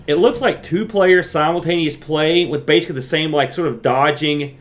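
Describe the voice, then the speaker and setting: Animated, jokey man co-hosting a podcast. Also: on the high side, moderate pace. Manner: animated, jokey, acts out his own reactions. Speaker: podcast co-host. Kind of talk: casual chat.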